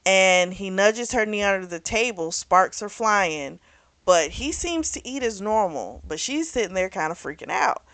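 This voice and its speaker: A woman's voice: medium pitch, expressive, a little slow, fairly bright tone, no room sound. A woman hosting a book club, casually recapping a story in a rambling, chatty way and often correcting herself. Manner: chatty, rambling, full of "like" and "you know"; self-correcting, loses track of names.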